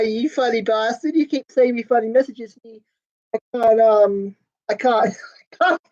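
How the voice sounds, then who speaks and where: Sweary, giggly woman with a high-pitched voice. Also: lively intonation, slow, pauses often, rough recording. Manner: crude, sweary, giggly banter. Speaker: host chatting with viewers. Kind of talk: casual chat.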